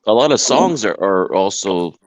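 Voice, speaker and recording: A man chatting casually as a guest on a livestream, telling things in a plain, unhurried way. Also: fairly low pitch, big pitch swings, no room sound. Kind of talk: casual chat. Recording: dull lo-fi stream audio.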